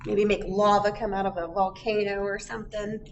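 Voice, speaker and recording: A woman's voice: mid-range voice, level tone, normal speed, lo-fi sound. A woman reading a picture book aloud for a library storytime, chatting and asking children questions. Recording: distant mic, faint background noise.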